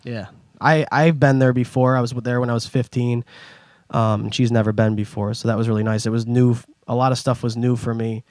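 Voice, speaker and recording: A man's voice: medium pitch, a little fast, dry recording, studio quality. A young man casually telling rambling travel stories on a podcast, acting out other people's voices as he goes. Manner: rambling, animated storytelling with put-on voices. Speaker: podcast host. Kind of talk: casual storytelling.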